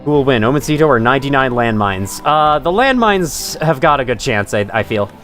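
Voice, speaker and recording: With faint music in the background, a man streams a game live from his bedroom at home, talking to viewers while he plays. His voice sits at a medium pitch and comes across expressive, fairly quick, and slightly bright. He's chatty, reads messages from chat out loud, and swears when things go badly.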